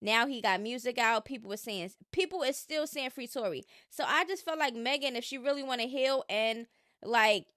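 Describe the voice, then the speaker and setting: An opinionated woman hosts a chatty gossip commentary and leans hard on the points she stresses. Her voice is smooth and a touch high. The sound is close and dry. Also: a bit bright, dry recording. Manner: opinionated, chatty, drawn-out emphasis. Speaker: commentary channel host.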